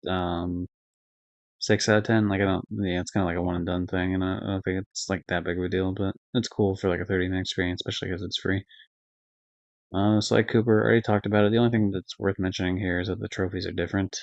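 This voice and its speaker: A man's voice: low-pitched, little pitch movement, fast, creaky, dry recording. A young man streaming live, rambling casually through game ratings with lots of fillers, swearing and self-corrections. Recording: dull lo-fi dry stream audio.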